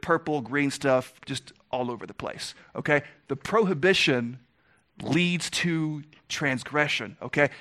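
A man preaching an expository sermon, filling pauses with "uh" and checking in with "okay?", pressing points with emphatic rises and drops. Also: a little high, fairly bright tone. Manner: frequent "uh" fillers, checks in with "okay?".

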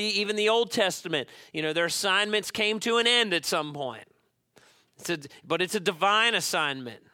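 A man preaching a sermon as pastor, telling a story in an animated way and acting out the voices he quotes. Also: high voice, no echo. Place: church.

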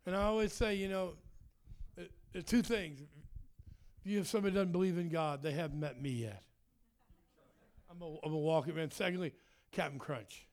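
High, smooth-voiced preacher. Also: male voice, fairly quick. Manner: fervent shouted prayer, then folksy storytelling. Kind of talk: charismatic sermon and prayer.

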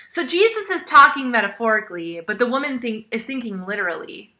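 A woman preaching a sermon in a conversational way, often dropping to a soft near-whisper. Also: on the high side, sing-song, brisk, few pauses.

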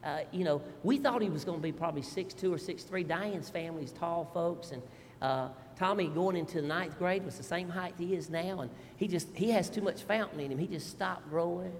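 A middle-aged man preaches, spinning homespun family stories and tossing asides to the congregation. His voice sits high for a man. The sound carries the long reverb of a hall. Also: brisk, slight background noise. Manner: folksy, animated storytelling with audience asides. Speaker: pastor. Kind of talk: storytelling sermon.

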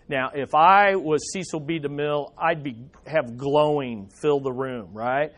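A man preaching a sermon at a church service, animated, putting rhetorical questions to the congregation. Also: a little high, a little slow, hardly any pauses. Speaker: pastor.

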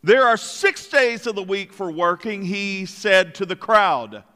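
High-voiced pastor preaching in a reverberant hall. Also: male voice, measured pace. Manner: animated, acts out voices of characters. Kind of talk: sermon.

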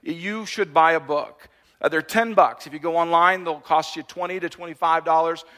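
A man giving a sermon, in a conversational, animated preaching style with playful asides to the congregation. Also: a little high, normal speed. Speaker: pastor.

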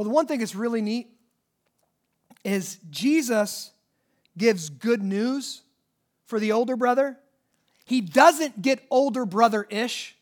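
A preacher giving a sermon in church, animated and emphatic, rising and dropping in pitch and loudness to stress points.

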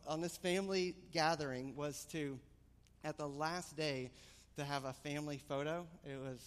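Male pastor, slightly high voice, lively storyteller, long hall echo. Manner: animated storytelling, rising excitement. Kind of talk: sermon with personal story.

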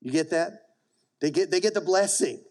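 A male pastor preaches to his congregation at a normal speed, expressively, moving between raised, emphatic lines and quiet, low asides. He often calls out to the room for a response and chuckles between points.

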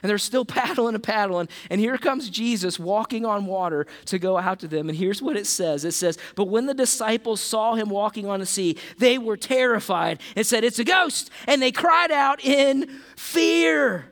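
A middle-aged male pastor preaching a sermon, animated, acting out the disciples and Jesus in quick voices. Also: sits high.

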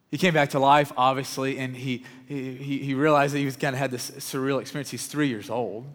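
A man preaching a sermon, telling a story in an earnest voice that often drops to a hush. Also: medium pitch. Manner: earnest, often dropping to a hushed voice. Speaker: pastor. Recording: long reverb of a large hall.

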